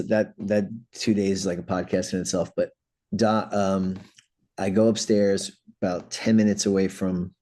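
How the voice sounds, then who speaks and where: Middle-aged New York punk vocalist, low voice, lively profane raconteur. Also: male voice. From New York City. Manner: animated anecdotes, acts out quoted voices, swears freely. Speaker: guest, punk band vocalist. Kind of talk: casual storytelling.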